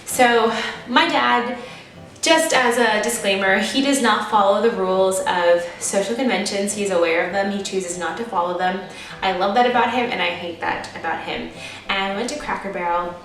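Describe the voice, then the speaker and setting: Recorded from a distance in an echoey room with faint background music, a woman in her twenties speaks at normal speed in a mid-range, slightly bright voice. The United States-born vlogger has an American accent and tells a personal story to camera, candid, chatty and self-deprecating.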